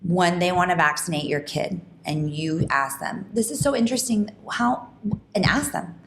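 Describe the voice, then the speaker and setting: A woman hosting a podcast, telling a personal story in an animated, emphatic way, with quick restarts. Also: a little hiss or hum. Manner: animated, fast talking with frequent restarts; emphatic, rising pitch when indignant. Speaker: podcast host.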